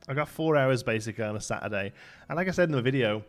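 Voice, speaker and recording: A man's voice: medium pitch, lively intonation, very fast, faint music behind. A young man chatting casually and rambling as he plays and builds on a live stream, laughing often and answering chat.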